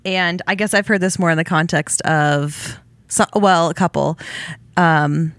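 Woman on a church podcast, a bit low-pitched, measured and thoughtful, dry sound. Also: steady tone, no room sound. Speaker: podcast co-host. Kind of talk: casual church podcast chat.

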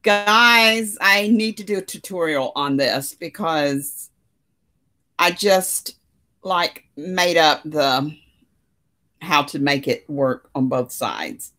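A woman's voice: sits low, slow pace, sharp tone. A woman hosting a casual crochet livestream from her living room, chatting with viewers and laughing often. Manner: chatty, reads out comments, frequent laughter. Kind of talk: casual chat with live viewers.

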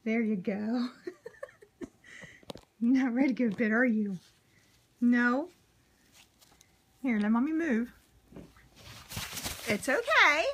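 A woman's voice: on the high side, lively intonation, slow pace, pauses often, a bit bright, slightly rough. A woman at home filming her pet cockatoo, cooing and baby-talking to it and laughing often. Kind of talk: casual home video chat. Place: living room at home. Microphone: handheld camera.

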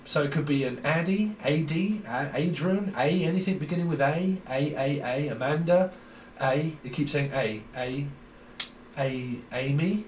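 A man's voice: on the high side, lively intonation, normal speed, distant mic. A man giving a rambling, jokey tarot reading, free-associating and putting on silly voices. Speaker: tarot reader. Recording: roomy echo, set back from the mic, faint background noise.

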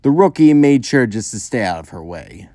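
A man reading a fan story aloud in steady storytelling narration. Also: medium pitch, normal speed, no echo, studio quality.

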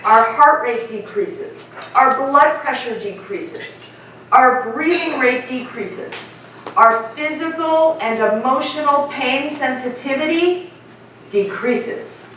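A middle-aged woman gives a lively keynote talk, drawing in her audience with questions. Her slightly high voice moves at a slow pace and echoes through a large conference hall, captured by a distant mic with a little hiss or hum.

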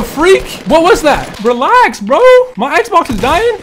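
A man's voice: extremely high pitch, big pitch swings, takes it slowly, fairly bright tone, slight background noise. A young man giving casual, joking commentary while he plays a game and talks to other players and viewers. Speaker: gaming streamer.

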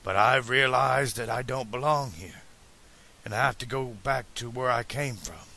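A man's voice: medium pitch, animated, normal speed, gravelly, pushed and bright. Doc, a man voicing a hesitant stammering inventor. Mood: somber. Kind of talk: storybook dialogue reading.

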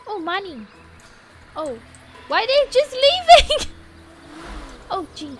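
A woman's voice: very high-pitched, big pitch swings, drawn-out words, pauses often, soft background music. A young woman streaming a game, giggling and squealing as she role-plays as a puppy. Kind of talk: playful gaming stream.

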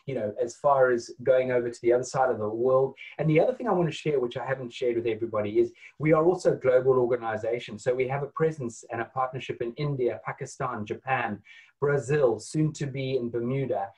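A man's voice: medium pitch, fast talker, a little mellow, poor audio. A man who leads a training course, speaking hesitantly with many fillers on a video call. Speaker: course leader. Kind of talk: casual call chat.

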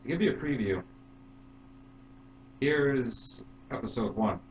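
A man talking casually to his channel's viewers, halting and unhurried, with fillers and restarts. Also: mid-range voice, lively intonation. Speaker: YouTube vlogger. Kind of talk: casual vlog to camera. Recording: roomy with faint hum.

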